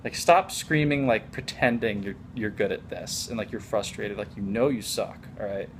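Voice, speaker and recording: A man's voice: on the low side, moderate pace, noisy background. A young adult man telling a casual story in a rambling, mock-boastful way, full of filler words. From United States.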